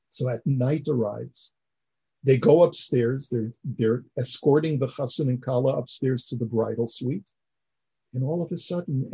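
Male teacher, mellow and slightly husky, earnest lecturing delivery. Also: medium pitch, poor audio. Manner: earnest explaining, repeats words while building a point. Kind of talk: classroom lecture.

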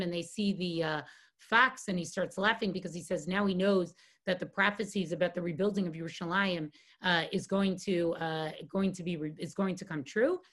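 A woman giving a Talmud lesson as a guest teacher, reading Aramaic lines and translating them, tagging many sentences with "right?". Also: medium pitch. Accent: Hebrew and Aramaic phrases read with Ashkenazi pronunciation. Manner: reads Hebrew and Aramaic text, then translates it, with frequent "right?" tags. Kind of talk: lecture on Talmud text.

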